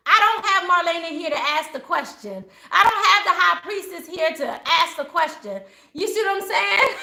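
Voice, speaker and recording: A woman's voice: very high-pitched, animated, normal speed, gravelly, hardly any pauses, bright, forceful tone, reverberant, poor audio. A woman hosting a live spiritual chat, talking casually and passionately in a preachy way, often laughing. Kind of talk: casual live-stream talk.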